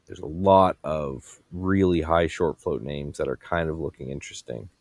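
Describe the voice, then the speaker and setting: A man with a very low voice talks through stock charts in a loose, thinking-aloud way. The sound is dry and close, with almost no room in it. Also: normal speed, creaky, no echo. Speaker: guest trading host. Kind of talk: live trading commentary.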